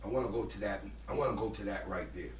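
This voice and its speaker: A man's voice: lowish voice, fast talker. A man hosting a casual interview, reacting to the story and asking follow-up questions. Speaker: podcast host. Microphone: distant from the mic. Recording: distant, echoey, with room noise.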